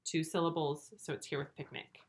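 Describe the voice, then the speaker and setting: A woman teaching first graders in a recorded video lesson, speaking slowly and clearly, stretching words out and asking patient, encouraging questions. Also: sits low, little pitch movement, a little hiss or hum. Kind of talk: remote video lesson for young children.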